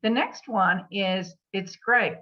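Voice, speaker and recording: A woman giving a plainspoken legal update to real estate agents. She takes their questions, pausing with fillers and adding emphatic asides. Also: medium pitch, bright, forceful tone. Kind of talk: briefing with answers to questions. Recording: dull lo-fi meeting recording.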